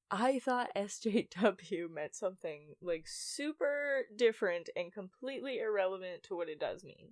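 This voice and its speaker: A woman's voice: medium pitch, dry recording, clean studio sound. A young woman from the United States telling childhood stories in a rambling, self-mocking vlog, with lots of fillers. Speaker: YouTuber. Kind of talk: casual storytime monologue.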